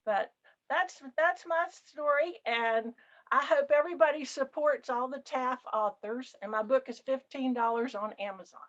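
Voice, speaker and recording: High-voiced older woman telling jokey stories. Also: measured pace. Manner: animated, jokey, acts out passengers. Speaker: author presenting her book. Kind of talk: lively anecdotal storytelling. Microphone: video call. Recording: dull lo-fi video call audio.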